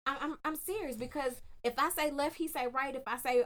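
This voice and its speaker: A woman hosting a casual chat, frank and animated, laughing as she talks. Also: sits high, a little fast, few pauses.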